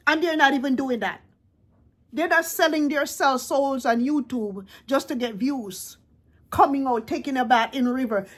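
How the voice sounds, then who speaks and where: High-voiced woman scolding sharply. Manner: scolding, confrontational, repeats points. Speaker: reaction vlogger. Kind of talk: ranting reaction commentary.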